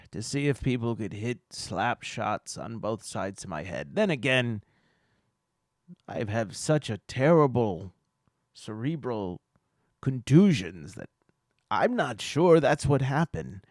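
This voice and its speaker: A man voicing Bobby, a dramatic male schoolteacher with a head injury in a solo tabletop game, with a theatrical, slow and drawn-out delivery. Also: mid-range voice, big pitch swings, dry recording, studio quality.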